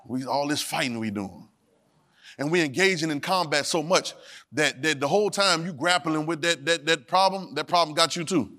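Preaching at normal speed in a church sanctuary, a man with a voice high for a male draws the congregation into call and response. He slips into loose, casual Southern Black church vernacular that drops verbs, swinging between low asides and shouted, sung lines.

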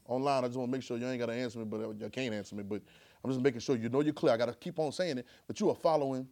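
A man preaching a sermon in church, calling and answering with the congregation and rising into shouts. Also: medium pitch, rapid-fire. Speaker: pastor.

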